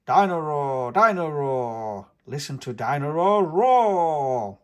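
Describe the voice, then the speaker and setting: Brief: a man voicing a loud toy dinosaur that chants its own name slowly, lively swoops. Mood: chanting. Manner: slow booming chant.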